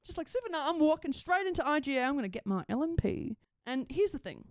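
A young Australian woman co-hosting a podcast and telling a story in casual chat. She talks in an animated way, laughs often and swears freely. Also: high-pitched, fast talker, no room sound, studio quality. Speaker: podcast co-host.

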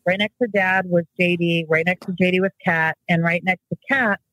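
A woman's voice: fairly low pitch, fairly even intonation, normal speed, fairly bright tone, no echo, poor audio. A woman telling a family story in casual conversation, rambling and correcting herself as she goes. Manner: rambling, self-correcting, acts out quotes.

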